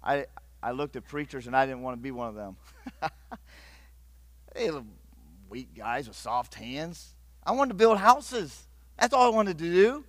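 Dramatic, loud-then-hushed male preacher. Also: on the high side, lively intonation, moderate pace, pauses often, no echo. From Northeast Ohio. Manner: dramatic, swings from loud urgent to hushed intimate. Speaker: pastor. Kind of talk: sermon.

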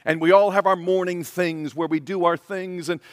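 Male pastor, high voice, emphatic sermon delivery, long hall reverb. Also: fairly even intonation, moderate pace, clean studio sound. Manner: earnest, emphatic, repeats key phrases.

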